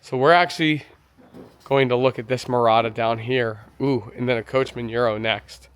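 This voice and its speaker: A man's voice: mid-range voice, fairly even intonation, normal speed, a bit bright, a little hiss or hum. A man touring an indoor RV show, giving an enthusiastic walkthrough and exclaiming over features. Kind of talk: walkthrough vlog.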